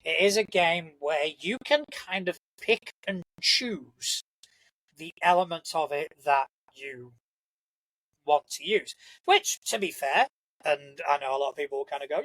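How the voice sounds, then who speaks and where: A man's voice: fairly high pitch, measured pace, a bit bright, rough recording. A young man hosting a casual solo podcast, rambling and enthusiastic, swearing freely. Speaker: podcast host.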